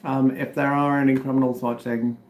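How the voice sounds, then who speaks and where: A man's voice: medium pitch, little pitch movement, a little fast, slight background noise. A man with an English accent chatting casually to his livestream viewers, rambling and self-deprecating as he tells a story and fiddles with his setup. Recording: roomy echoey home recording.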